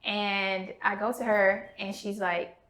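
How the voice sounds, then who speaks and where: A woman's voice: mid-range voice, slow pace. A woman in her thirties tells her own story on a podcast in a mid-range voice. She talks candidly and animatedly, slipping into the voices of the people she quotes. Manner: animated, acts out quoted dialogue.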